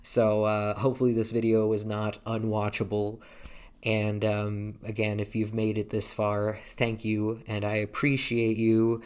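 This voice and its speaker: A man's voice: lowish voice, completely flat delivery, a little slow, a little mellow, smooth. A man in his thirties talking casually to a handheld camera, hesitant and rambling, with many restarts. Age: 30s. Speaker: vlogger. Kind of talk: casual vlog talk.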